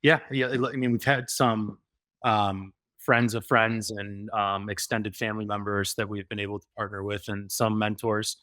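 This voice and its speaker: A man's voice: fairly low pitch, flat delivery, sharp tone, no room sound. A man speaking as a podcast guest in casual interview chat, with frequent "um" fillers. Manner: many "um" fillers, fast enthusiastic bursts. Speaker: podcast guest, rental property owner.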